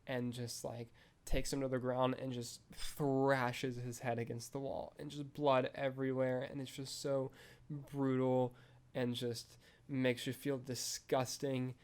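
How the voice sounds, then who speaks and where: Flat-voiced young man rambling casually. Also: mid-range voice, measured pace. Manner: rambling, heavy use of "like" and "um". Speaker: podcast host reviewing a film. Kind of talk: casual chat.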